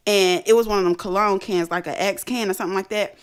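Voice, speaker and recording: Casting: woman radio host, mid-pitched, animated and profane storyteller who laughs as she talks. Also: fast. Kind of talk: casual storytelling chat.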